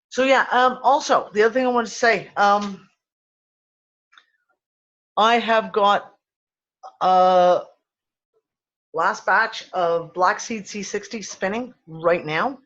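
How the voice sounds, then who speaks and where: High-voiced Midlands Englishman, lo-fi. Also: slow, long pauses, a bit bright. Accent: West Midlands English. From England. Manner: rambling, swears freely, many restarts. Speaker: podcast co-host. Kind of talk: casual chat.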